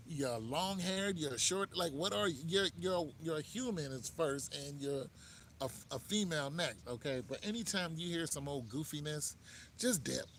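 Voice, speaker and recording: Casual, joking American man, slightly raised pitch, advice monologue, light background noise. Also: lively intonation, unhurried, fairly bright tone. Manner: laid-back, joking, talks straight to the listener. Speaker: host giving dating advice.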